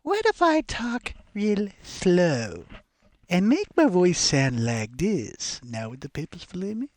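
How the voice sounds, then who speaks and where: A man voicing a foppish man who drags out his words very slowly to sound deep. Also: wildly swooping pitch, no echo, exaggerated voice. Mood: sly. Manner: very slow, drawn-out.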